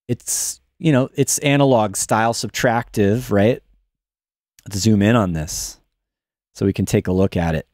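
A man's voice: mid-range voice, a little mellow, dry recording. A man hosting a casual livestream in a New York studio, thinking aloud with restarts as he demonstrates music production. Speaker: music production instructor and show host.

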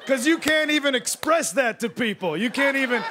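A man in his late thirties doing a rambling, self-deprecating stand-up set on a studio stage, swinging between loud bursts and mumbled asides. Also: extremely high pitch, expressive, normal speed, a loud crowd, very noisy. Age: 30s. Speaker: stand-up comedian. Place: television studio stage with live audience.

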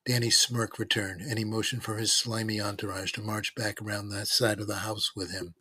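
A man narrating a novel in the first person, in a steady, even storytelling manner. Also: on the low side, normal speed, breathy edge, no room sound.

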